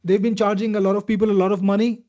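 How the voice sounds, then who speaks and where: A man hosting a live webinar, demoing software and answering viewers by name in an upbeat, salesy way. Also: high voice, level tone, fast talker, dull audio. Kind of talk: live product demo answering viewer questions.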